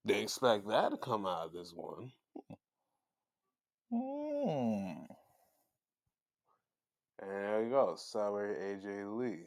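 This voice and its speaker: A man of fairly low pitch speaks slowly and pauses often while hosting a casual wrestling recap. He's chatty and animated, acting out what was said, with no echo and studio quality.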